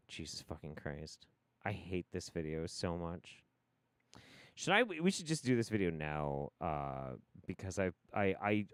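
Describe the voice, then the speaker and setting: A low-voiced man riffs through a livestream with a lot of profanity and wild swings in pitch. His commentary rambles from tangent to tangent, and the recording is close and dry. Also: dry recording. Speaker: livestream host.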